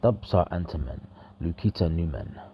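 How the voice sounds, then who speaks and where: A man giving a measured, explanatory video lesson on grammar. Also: low-pitched, expressive, vocal fry, breathy edge, highs cut off. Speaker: language teacher.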